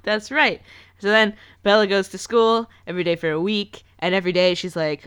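A woman's voice: fairly low pitch, normal speed, a bit bright, clean tone. A woman casually recapping a movie in a chatty, playful way, acting out lines as she goes. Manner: chatty, playful, acts out quotes in voices.

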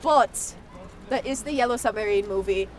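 A woman's voice: mid-range voice, moderate pace. A nineteen-year-old woman guesting on a podcast, talking with gushing enthusiasm and lots of "like". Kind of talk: casual podcast chat.

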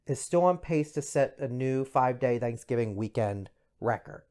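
A middle-aged man hosting a podcast, chatting in a gossipy, expressive way with bursts of high exclamation. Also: normal speed, few pauses. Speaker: podcast host. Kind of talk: casual pop culture commentary.

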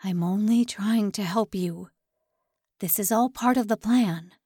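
A woman voicing a gruff North Korean man who barks orders but is kind underneath. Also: medium pitch, measured pace, mellow, no room sound, clean studio sound. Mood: apologetic.

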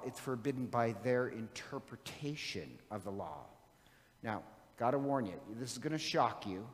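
Man preaching in a reverberant hall. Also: medium pitch. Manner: conversational, joking storyteller. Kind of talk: sermon.

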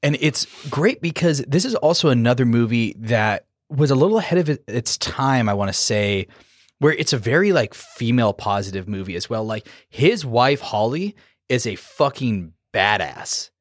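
A man's voice: medium pitch, expressive, moderate pace, dry recording, studio quality. Laid-back man in casual chat. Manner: laid-back, swears freely, recites quotes at length. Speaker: podcast co-host.

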